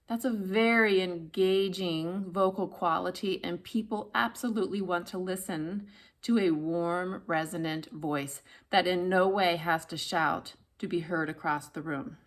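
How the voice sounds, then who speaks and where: A woman voice coach giving an instructional talk, demonstrating hums and practice phrases between explanations. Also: medium pitch.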